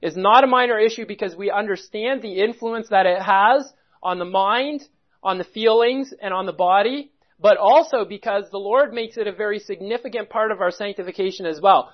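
A man's voice: high-pitched, moderate pace. A man preaching a sermon, reading quotations aloud and commenting on them earnestly, repeating key phrases for emphasis. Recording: dull lo-fi recording.

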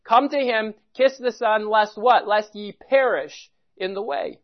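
A man's voice: high-pitched, measured pace, highs cut off. A man preaching a sermon, earnest, quoting scripture in old-style English. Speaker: pastor.

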